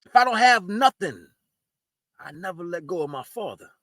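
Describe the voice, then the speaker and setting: A man's voice: sits high, expressive, normal speed, pushed and bright, no echo. A man talking casually to camera, giving blunt, streetwise spiritual advice and eating while he talks. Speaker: spiritual video host.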